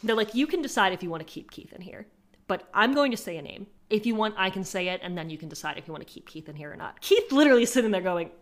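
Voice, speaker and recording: A woman co-hosting a casual true-crime podcast, retelling events in an animated way, acting out the people involved and swearing freely. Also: medium pitch, racing. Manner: animated storytelling, acting out quotes, profane. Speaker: podcast co-host.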